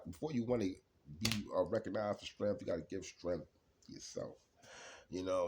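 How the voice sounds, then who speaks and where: A man with a lowish voice that leaps all over the place rambles through a casual tarot card reading. He laughs often and drifts between quiet mumbles and sudden loud outbursts. A faint hiss sits under the recording. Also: gravelly.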